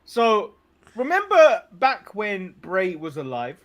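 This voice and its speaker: An English man co-hosts a relaxed podcast, speaking bluntly with a joking edge and frequent restarts. His voice is high and swings widely in pitch. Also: slow pace. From England. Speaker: podcast co-host. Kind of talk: casual wrestling recap chat.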